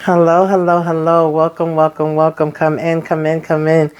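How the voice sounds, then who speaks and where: On her own recap channel, a deep-voiced woman chats in a casual, folksy way, calling listeners child and honey. She acts out the characters' lines in quick voices, keeping a level tone overall. The sound is lo-fi, with music in the background.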